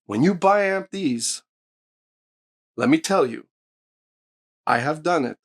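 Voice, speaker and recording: The man speaks slowly in a voice on the high side. He runs a hi-fi channel and addresses the camera with an eager, forceful speaker review, swearing in moments of excitement.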